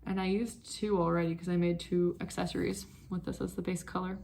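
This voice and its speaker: A woman's voice: on the low side, level tone, brisk, creaky, a little mellow, slight background noise. A young woman vlogging about knitting at home in a chatty, rambling way that wanders off topic. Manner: chatty, rambling, easily sidetracked. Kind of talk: casual chat.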